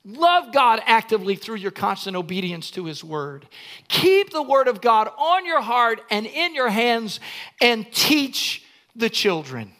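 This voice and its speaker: An older man preaching a sermon, his voice pitched very high for a man. His tone is bright and forceful, and he leans into emphatic, shouted lines. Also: sing-song, unhurried. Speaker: pastor.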